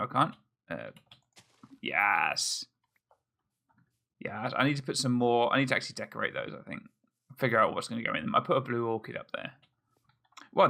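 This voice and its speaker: A man with a bright, edgy tone and a gravelly rasp running through his voice chats his way through a game. He thinks out loud and pokes fun at himself as he builds. He speaks at a middle pitch. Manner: chatty, self-mocking, thinks aloud. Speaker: let's play host. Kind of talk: casual gameplay commentary.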